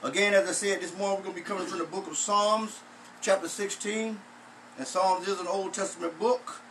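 High bright-voiced preacher man, slow, repeats himself a lot, mic kinda far, room echo and faint hiss. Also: steady tone. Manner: repetitive emphatic preaching, drawn-out stresses. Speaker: pastor. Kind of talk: sermon.

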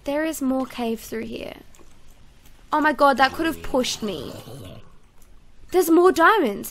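A high-voiced woman with a bright, sharp tone narrates her game in chatty, excitable commentary. She talks to herself and her viewers as she goes. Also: unhurried, long pauses, slight background noise. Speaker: gaming YouTuber. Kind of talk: casual let's-play commentary.

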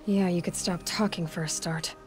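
A woman's voice: on the low side, fairly even intonation, moderate pace, darkish tone, soft background music, close to an everyday voice. An actress voicing a young woman hunter in a game, an outcast and seeker who talks in a dry, skeptical way. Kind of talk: game character dialogue.

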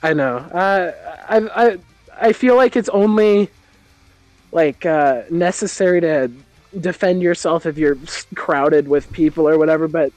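A man talking as a guest on a livestream, telling stories in a halting, stammering way. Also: fairly high pitch, a little mellow, no echo, soft background music, rough recording. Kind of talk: casual chat, telling anecdotes.

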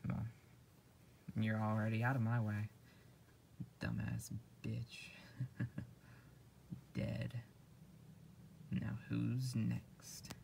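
A man voicing a vengeful young killer who talks in slow, taunting, profane lines in a homemade comedy drama. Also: lowish voice, monotone, gravelly, darkish tone, a little hiss or hum, full character voice. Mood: gloating.

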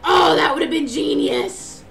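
A woman playing a video game and commenting in a chatty, excitable way, often talking to the characters. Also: high-pitched, measured pace, gravelly, soft background music. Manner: chatty, excitable, talks to her game cat. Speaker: let's play gamer. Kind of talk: let's play commentary.

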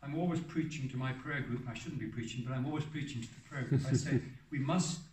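A man in his seventies talks fast in a mid-range voice with a darkish tone, rambling through anecdotes about his life as a hermit. It's a public talk in a hall, and he often restarts and corrects himself mid-sentence. The roomy audio comes from a distant mic.

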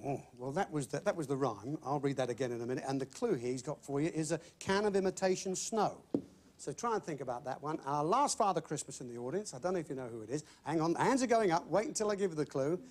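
A man's voice: fairly high pitch, lively intonation, quick pace, a little mellow. A man hosting a television game show, with chirpy, jokey patter and repeated catchphrases in front of a live audience. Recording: old broadcast recording with audience.

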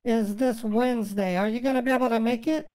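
A man's voice: very high voice, steady tone, a little fast, darkish tone, clear, resonant tone, dry recording. A man voicing a fragile, rambling woman who sobs with grief and then chatters on sweetly. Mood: chatty, sweet. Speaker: scambaiter.

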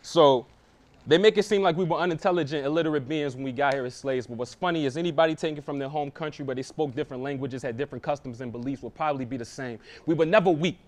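A man's voice: a little high, fast talker, darkish tone. A young man performing a live battle rap verse, punchy and confrontational, repeating lines for emphasis. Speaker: battle rapper.

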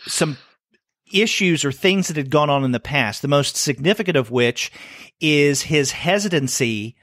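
A man's voice: on the high side, lively intonation, normal speed, fairly bright tone, no echo. Rambling middle-aged man, dry mic. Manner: rambling, thinks aloud with fillers and restarts. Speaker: podcast co-host. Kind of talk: casual comics review chat.

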